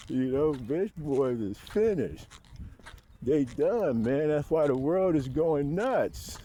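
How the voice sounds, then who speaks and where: A man's voice: animated, takes it slowly, warm tone. A man talking to camera in a profane, rambling monologue, often chuckling to himself. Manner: profane, rambling, laughing to himself, mocking high voice for quotes. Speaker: vlogger.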